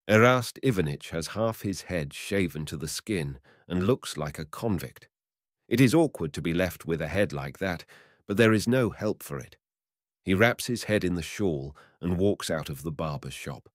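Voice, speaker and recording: Deep-voiced man reading a short story. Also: animated, moderate pace, dry recording, clean studio sound. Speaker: narrator.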